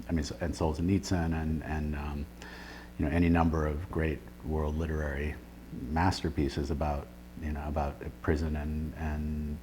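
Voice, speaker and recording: A man's voice: extremely low pitch, background noise. A man, a writer and editor, answering interview questions reflectively, with frequent fillers and restarts. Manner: thoughtful, with many fillers and restarts.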